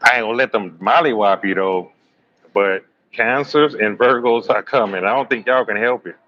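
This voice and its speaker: A man's voice: on the low side, normal speed. A man hosting a live astrology stream, chatting casually with viewers in a joking, teasing, rambling way. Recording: slightly dull lo-fi stream audio with faint room noise.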